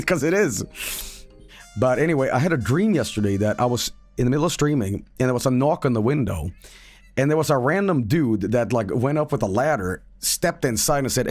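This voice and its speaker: A man's voice: medium pitch, expressive, normal speed, soft background music. Profane rambling male streamer. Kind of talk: casual stream chat.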